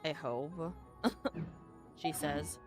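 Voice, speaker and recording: A woman streams a game in casual commentary, her voice on the low side. She rambles, thinks aloud and curses often. Loud game music runs under her voice. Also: drawn-out words.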